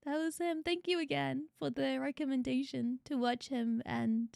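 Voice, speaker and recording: A woman's voice: high voice, steady tone, moderate pace, gravelly, hardly any pauses, darkish tone, dry recording, clean studio sound. A woman VTuber streaming a casual reaction, emotional, laughing often and swearing freely.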